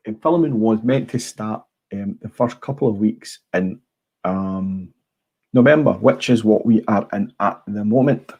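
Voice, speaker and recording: A man's voice: fairly low pitch, measured pace, vocal fry, dark tone. A middle-aged Scottish man hosting a casual livestream, blunt and rambling, swearing freely. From Scotland. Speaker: livestream host. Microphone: small clip-on mic.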